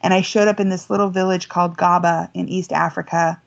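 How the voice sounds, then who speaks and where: A middle-aged American woman, a guest telling a story in a lively way, jumping up in pitch when she quotes people. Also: fairly quick, vocal fry, highs cut off. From United States. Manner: lively, quotes voices with big pitch jumps. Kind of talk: animated storytelling.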